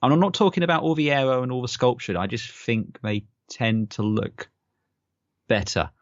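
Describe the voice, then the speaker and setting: A man's voice: medium pitch, normal speed, dry recording. A man co-hosting a casual podcast chat, rambling with stammered restarts. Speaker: podcast co-host. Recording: dull lo-fi podcast mic.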